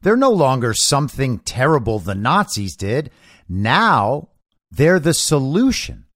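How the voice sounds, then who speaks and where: A man's voice: medium pitch, big pitch swings, a little slow, a bit bright, no echo, studio quality. A man hosting a political commentary show, delivering an opinionated monologue in a sarcastic, mocking manner.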